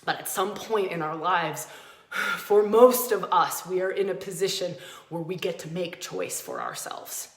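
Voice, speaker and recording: A woman's voice: on the low side, big pitch swings, measured pace, echoey room. A woman hosting a podcast, giving a passionate, emphatic spiritual teaching talk and repeating phrases for emphasis. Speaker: podcast host.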